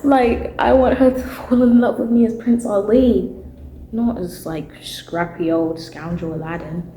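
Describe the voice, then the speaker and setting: A woman's voice: mid-range voice, steady tone, a little slow, mellow, echoey room, slight background noise, lightly acted, low-quality recording. A woman voicing a lovesick young male hero who whines about his own doubts. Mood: whiny.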